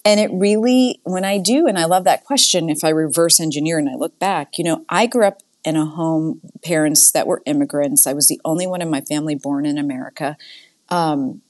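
A woman in her forties from the Boston area, a guest in a casual interview, telling stories with quick laughs and acting out quoted lines. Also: deep voice, darkish tone. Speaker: guest, nonprofit CEO.

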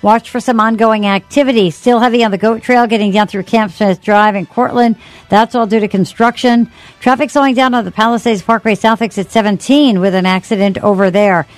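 A woman giving a brisk, clipped radio traffic report. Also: medium pitch, steady tone, dry recording. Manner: brisk, clipped, matter-of-fact.

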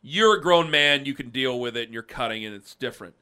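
A man in his thirties with a booming voice, chatting casually on a podcast and rambling through self-deprecating stories with many restarts. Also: animated, brisk, sharp tone, clear, resonant tone. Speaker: podcast co-host. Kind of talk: casual chat.

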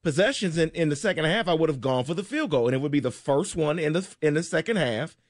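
A man's voice: a little high, animated, fast talker, no room sound, studio quality. A man hosting sports talk radio, debating eagerly and cutting in to argue his point. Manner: eager, interrupting, argumentative.

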